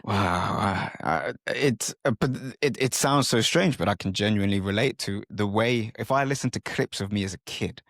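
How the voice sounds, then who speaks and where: A man hosts a podcast conversation in a thoughtful, reflective way. His voice sits low, and the studio sound is close and dry. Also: normal speed, few pauses, a bit bright, dry recording. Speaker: podcast host.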